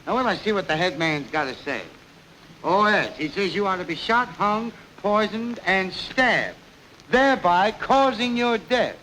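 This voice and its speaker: A man playing a fussy, flustered comic officer in a 1929 film sketch, talking melodramatically and swinging from loud to hushed. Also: high voice, lively intonation, a little slow, exaggerated voice. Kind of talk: 1920s film comedy acting. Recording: crackly 1929 film soundtrack hiss.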